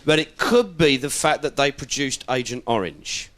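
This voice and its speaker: Animated comedian. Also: male voice, mid-range voice, moderate pace. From South London. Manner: cheeky, animated, swearing, mimicking people. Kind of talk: stand-up comedy.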